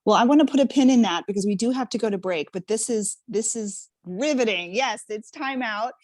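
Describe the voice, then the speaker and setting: A woman's voice: fairly high pitch, brisk, a little mellow, no room sound. Dry-sounding woman podcast host. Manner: affirming, laughs easily, sums up the guest. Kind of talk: interview hosting.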